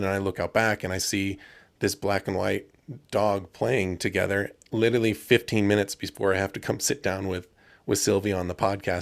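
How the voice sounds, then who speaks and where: Guy hosting a pod, low creaky voice, kinda halting. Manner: hesitant, rambling, restarts. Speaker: podcast host. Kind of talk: casual podcast chat.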